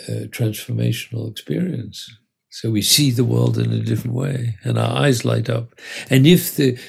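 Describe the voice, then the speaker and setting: Gravelly older man telling stories. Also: medium pitch. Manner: animated anecdotes with acted-out voices. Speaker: conductor and music educator. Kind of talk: storytelling in an interview.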